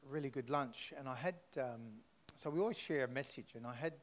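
A man's voice: medium pitch, brisk. A man leading a church prayer and telling a faith story, chatty and rambling with fillers and restarts. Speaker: church speaker.

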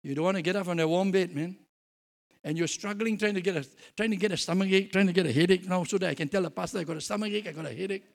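A man's voice: sits high, quick pace. A man preaching a sermon as pastor, jovial and telling stories with acted-out dialogue.

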